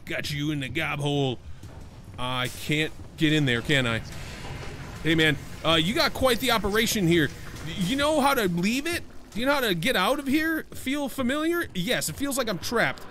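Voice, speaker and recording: A young man streaming a horror game, chatting casually, joking and swearing, with sudden excited yelps. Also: sits high, moderate pace, a little hiss or hum. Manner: jokey, profane, prone to excited yelps. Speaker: gaming streamer. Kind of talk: casual let's-play commentary.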